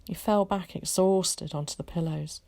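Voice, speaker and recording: A teacher reading a children's novel aloud, calm and measured. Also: female voice, on the low side, vocal fry. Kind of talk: storybook read-aloud.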